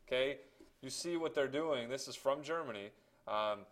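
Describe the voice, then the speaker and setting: A man's voice: medium pitch, brisk. A man teaching a history lesson, talking casually with many fillers and checking in with "okay?". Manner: conversational, many fillers and tag questions. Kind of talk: classroom history lecture.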